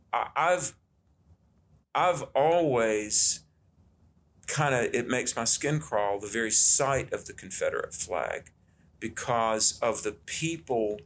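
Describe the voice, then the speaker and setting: Middle-aged man, earnest storyteller, mid-pitched, faint noise behind. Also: fairly bright tone. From Southern United States. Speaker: guest. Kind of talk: conversational storytelling.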